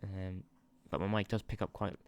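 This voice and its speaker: Man, slightly low voice, casual gameplay commentary, chatty and distracted, swears and laughs. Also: fairly even intonation, moderate pace. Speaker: gaming channel host. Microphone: sensitive desk microphone.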